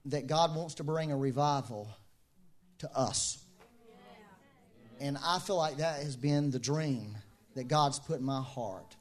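High-voiced man preaching casually. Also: a little mellow. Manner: informal, repeats key phrases, many fillers. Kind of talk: conversational sermon.

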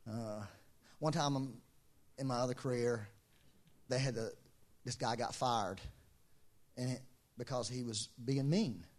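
A man's voice: medium pitch, a little slow, long pauses. A middle-aged man preaching a sermon, telling stories, acting out quoted voices and laughing often. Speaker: pastor.

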